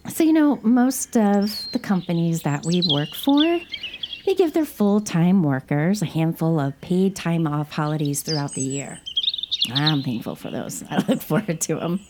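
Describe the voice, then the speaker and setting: A woman's voice: low voice, expressive, moderate pace, background noise. A woman hosting a podcast in casual chat, chatty and playful, laughing often. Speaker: podcast host.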